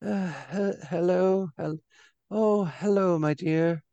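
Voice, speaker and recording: A man's voice: high voice, steady tone, slow pace, warm tone, clean tone, no room sound, muffled recording, pitched above the performer's own voice. A man voicing a frightened elderly woman who stammers and pleads in a quavering voice. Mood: drowsy.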